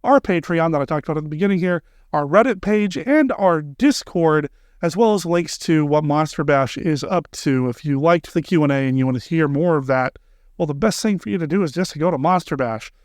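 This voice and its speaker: A man's voice: a little high, brisk, smooth, no echo. A man hosting a podcast, giving friendly thank-yous and announcements into a close microphone. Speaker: podcast host.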